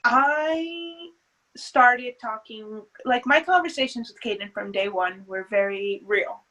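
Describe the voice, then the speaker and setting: Slow, hesitant woman guest. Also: on the high side, expressive, pushed and bright, dull audio. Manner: hesitant, many fillers and restarts; earnest, faith-centered talk. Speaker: guest, grieving mother. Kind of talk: emotional interview.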